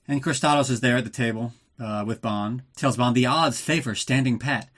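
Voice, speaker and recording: A man's voice: medium pitch, moderate pace, few pauses, a bit bright. Sarcastic, swearing man hosting a podcast. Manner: profane, sarcastic and ranting. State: drinking while recording. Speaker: podcast host. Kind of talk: casual movie recap podcast.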